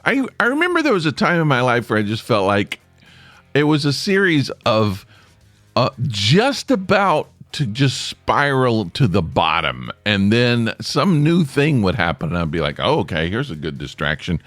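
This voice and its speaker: Rambling self-deprecating man, very lively pitch. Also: a little slow, no room sound. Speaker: podcast host. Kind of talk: rambling solo podcast chat. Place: small cluttered home studio.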